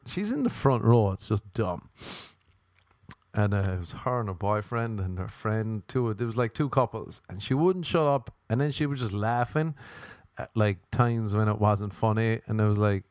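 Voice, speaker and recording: A man, a comedian and podcast host telling stories in an animated, profane way. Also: mid-range voice, normal speed, no echo.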